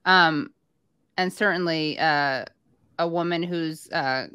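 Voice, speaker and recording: Low-voiced woman hosting an interview. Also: slow pace, bright, forceful tone, smooth, dry recording, clean studio sound. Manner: brief affirming interjections and conversational questions. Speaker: host. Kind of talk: casual interview chat.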